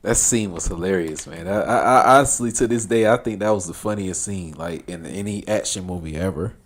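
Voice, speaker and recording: Low-voiced rambling game streamer man. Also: fairly quick. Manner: rambling, filler-heavy, laughs easily, swears. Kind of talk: casual gameplay commentary.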